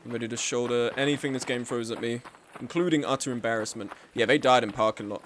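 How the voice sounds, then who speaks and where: A man's voice: medium pitch, fairly even intonation, fast, a little hiss or hum. A man live-streaming a game, chatting casually with his chat in a sweary, self-deprecating way.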